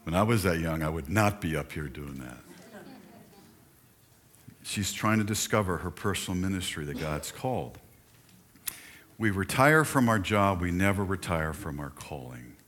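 A man's voice: low voice, expressive, normal speed, pauses often, a bit bright, a little hiss or hum. An older man preaching a sermon in a church, talking conversationally and turning to chat with the congregation. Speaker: pastor. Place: church sanctuary.

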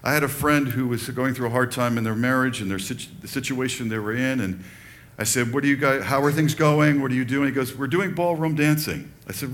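An older man preaching a sermon in a relaxed, conversational way, telling personal stories and acting out quoted lines. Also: medium pitch, fairly quick, slight background noise. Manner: conversational, animated storytelling with quoted asides. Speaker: pastor.

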